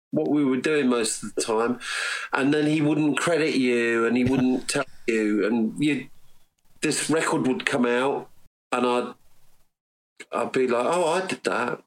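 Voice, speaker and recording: Man, podcast guest, rambling story, acts out dialogue, mid-pitched voice. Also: rough recording. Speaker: podcast guest, recording engineer. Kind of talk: casual storytelling interview.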